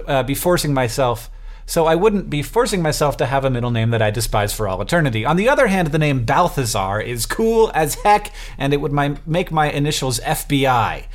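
Lively laughing male podcast co-host. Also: medium pitch. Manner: animated, laughs often, playful mock ad reads. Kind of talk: casual comedic podcast chat.

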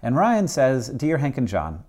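A man's voice: medium pitch, wildly swooping pitch, a little slow, darkish tone. A man co-hosting a podcast in casual chat, playful, laughing often and restarting his sentences. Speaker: podcast co-host.

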